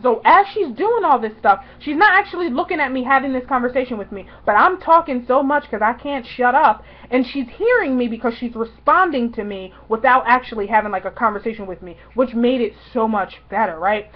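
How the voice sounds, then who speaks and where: A woman vlogger telling a story to her viewers in a chatty, excitable, slangy way. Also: on the high side, fairly quick, few pauses, highs cut off.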